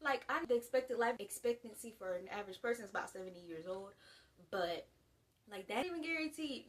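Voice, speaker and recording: A 19-year-old woman from the US gives a casual, slangy to-camera monologue, talking in an animated way with big swings in loudness. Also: medium pitch, brisk, far from the mic. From United States. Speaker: vlogger.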